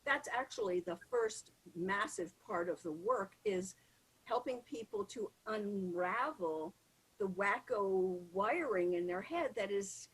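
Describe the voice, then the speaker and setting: Speaking slowly in a slightly rough, medium-pitched voice over poor audio, a woman appears as a podcast guest who coaches public speaking. In the interview she is lively and emphatic, acting out the inner voices people hear.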